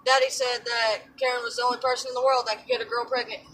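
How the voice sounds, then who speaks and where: A woman's voice: a little high, little pitch movement, quick pace, a bit bright, rough recording. A young woman chatting casually, giving short, dry answers. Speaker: partner joining the vlog. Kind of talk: casual chat.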